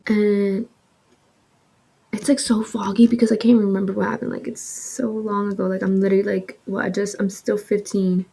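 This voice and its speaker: A woman in her twenties tells a personal story in a casual, animated vlog. She fills her talk with "like" and drops swears freely. Her voice is mellow and slightly husky. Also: mid-range voice, normal speed, low-quality recording. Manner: chatty, heavy use of "like", swearing, animated retelling. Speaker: vlogger. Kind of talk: casual storytime with soft ASMR eating.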